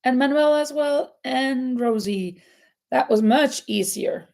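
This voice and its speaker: A woman's voice: sits high, slow pace, gravelly, a little mellow. A woman hosting a live crochet chat, reading out quiz questions and answering viewers, laughing often. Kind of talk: casual live-stream chat.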